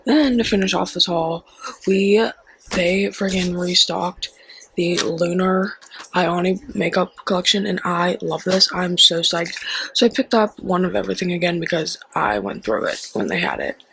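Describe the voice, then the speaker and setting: A young woman chatting excitedly through a shopping haul at home, full of "like" and quick asides. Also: lowish voice, creaky, a little hiss or hum, poor audio. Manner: chatty, excitable, with frequent "like" and "so we got her". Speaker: haul vlogger. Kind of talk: casual product haul chat.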